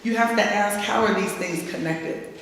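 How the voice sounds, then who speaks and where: A woman's voice: mid-range voice, normal speed, fairly bright tone. A woman from gives a keynote speech in a plain, folksy way and talks straight to the crowd. Her voice carries a long reverb from a large hall. She sounds some distance from the microphone, with a faint hiss underneath. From South Louisiana, USA. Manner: folksy, direct, teasing the audience. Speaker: keynote speaker. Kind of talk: conversational keynote speech to a live audience. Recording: echoey hall, voice from far off, faint noise.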